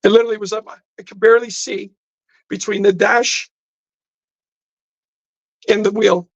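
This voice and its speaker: Talking a bit slowly with fairly even intonation, a podcast guest recounts a personal story with intensity, performing the dialogue himself. His voice sits high, and the studio recording is muffled but without echo.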